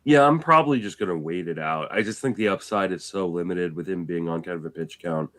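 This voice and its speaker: A man's voice: deep voice, brisk. A man co-hosting a podcast while still getting over an illness, telling stories casually with some swearing. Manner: storytelling, animated, swears casually. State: recovering from illness. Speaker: podcast co-host. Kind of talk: casual chat.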